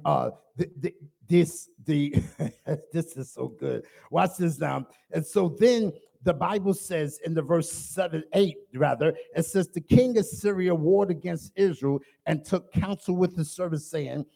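Man, pastor, sermon, high voice, gravelly, shouting and soft asides. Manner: preaching with call-and-response, swinging from loud shouting to low asides.

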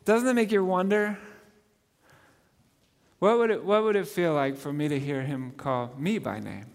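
A high-voiced man preaches with earnest feeling, his voice swelling and then dropping low. He keeps asking his listeners questions. A long reverb trails after his words in a large hall. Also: normal speed, gravelly. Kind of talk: sermon.

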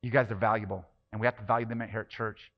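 A man's voice: lowish voice, steady tone, quick pace, highs cut off. A man preaching a sermon as pastor, passionate and emphatic, with many rhetorical questions.

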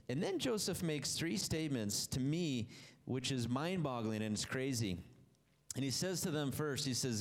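A man delivering a sermon to a congregation at a medium pitch. His storytelling is animated, and his voice swings up high and then sinks low to stress his points. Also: normal speed. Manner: animated storytelling, voice rising and dropping low for emphasis. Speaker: preacher.

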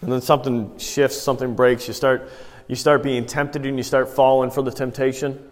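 A man's voice: medium pitch, flat delivery, moderate pace. A man preaching a sermon, telling everyday stories in a conversational way and putting rhetorical questions to the congregation. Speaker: pastor. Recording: long hall reverb.

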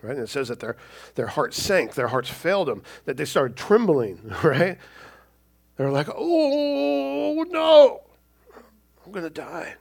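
A man's voice: mid-range voice, sing-song, normal speed, slightly rough. A male pastor preaching a sermon in a conversational way, often checking in with the listeners. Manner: conversational, keeps asking "right?".

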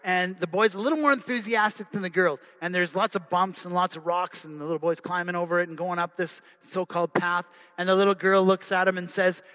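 A man's voice: high-pitched, fairly even intonation, a little fast, hardly any pauses, bright, forceful tone. A male preacher giving an earnest, conversational sermon in a church. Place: church sanctuary. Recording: long hall reverb.

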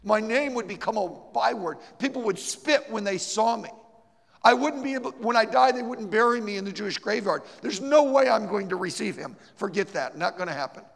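A stubborn elderly woman, flatly refusing and dug in, her lines rising high and forceful, as a preacher puts her on. The delivery is gravelly at the edges and carries a long hall reverb. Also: quick pace, exaggerated voice. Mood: defiant. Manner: defiant, emphatic.

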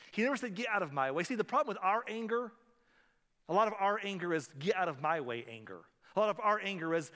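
A man's voice: sits high, animated, quick pace. Preaching man, echoey hall. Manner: dynamic preaching, swings from hushed to loud. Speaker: pastor. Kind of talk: sermon.

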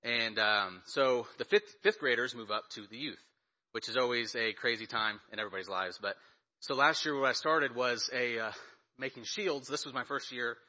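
A man addresses a church congregation in a nervous, hurried way, his tone very bright and forceful. The sound is muffled and dull, as if taken from the church's sound system. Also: medium pitch. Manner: nervous, hurried, breathless at times. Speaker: children's ministry leader. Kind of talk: church ceremony speech and poem reading. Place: church sanctuary.

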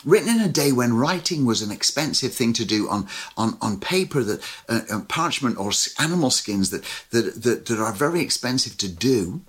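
Animated husky-voiced male pastor. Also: medium pitch, moderate pace, few pauses. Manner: animated, lively storytelling with sudden loud and soft turns. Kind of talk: sermon.

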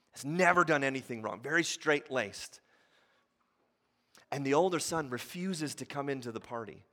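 A man preaching as a pastor, retelling a parable with quiet asides that build into loud, animated passages. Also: mid-range voice, big-room sound. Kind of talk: sermon.

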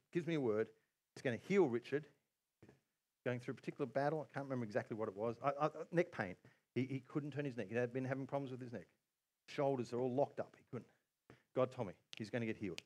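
A man preaching a sermon as pastor, telling a story with quoted asides and bursts of excitement. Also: medium pitch.

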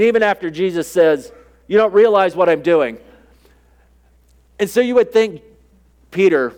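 A man preaching a sermon in a conversational way, often acting out the lines of the people in the story. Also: a little high. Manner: conversational preaching, acts out quoted dialogue. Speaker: pastor.

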